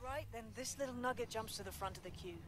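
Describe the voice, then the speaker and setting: A woman's voice: fairly high pitch, natural voice. An actress voicing a determined resistance leader briefing her team in a video game. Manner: brisk, businesslike briefing. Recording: game audio with background noise.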